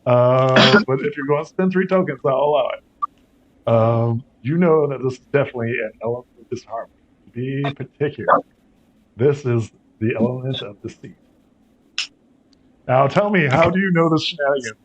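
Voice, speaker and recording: A man's voice: mid-range voice, normal speed, dull audio. Laughing game master, man. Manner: laughs often, loose and joking. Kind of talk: running a tabletop game.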